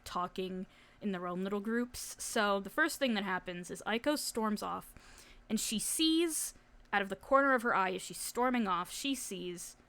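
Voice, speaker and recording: A woman narrating a tabletop game as game master, animated and casual with laughter and swearing. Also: mid-range voice, clear, resonant tone.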